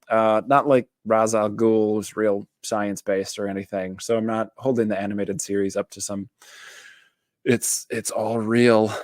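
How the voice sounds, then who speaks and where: A rather low-pitched man talks through a casual show review in a loose, rambling way, full of fillers and restarts. His voice is recorded close and dry, with no room sound around it. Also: no echo. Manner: rambling, filler-heavy, self-interrupting. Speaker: therapist reviewing a TV series.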